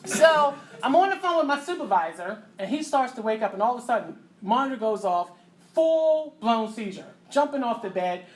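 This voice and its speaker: A middle-aged woman, telling a personal story as a mother. She talks in a lively way, acting out voices and sound effects with loud bursts. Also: a little high, moderate pace. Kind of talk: animated storytelling to an audience.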